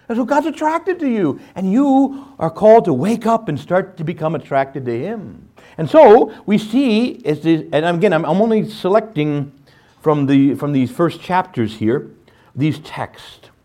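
A man teaching scripture in a lively sermon style, often checking in with "right?" and acting out playful voices. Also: sits high, measured pace. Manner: animated, jumps into playful voices, asks "right?".

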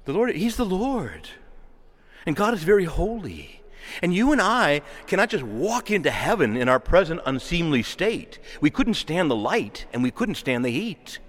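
A man preaching a sermon with emphatic, swooping intonation, lifting into passionate exhortation. His slightly high voice rings out with the long reverb of a church hall. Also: sing-song, normal speed, fairly bright tone. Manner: emphatic, building to impassioned exhortation.

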